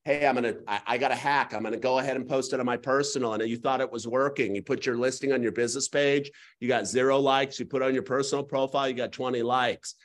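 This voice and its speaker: A middle-aged man teaching a live real estate class, talking in a folksy way and telling stories with quick asides. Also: medium pitch, steady tone. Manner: folksy, storytelling, rapid asides.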